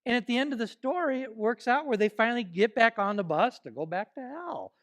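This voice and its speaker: A man with a high voice delivers a church sermon in a lively, playful way. He coaxes the congregation into joining short spoken exercises and keeps his preaching conversational rather than formal. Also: a little fast. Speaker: pastor. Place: church service.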